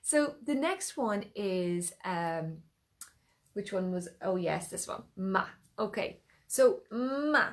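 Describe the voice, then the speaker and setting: An Irish woman teaching singing, leading vocal warm-ups and encouraging learners to copy her sounds in a playful way. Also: medium pitch, expressive, slow pace. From Ireland.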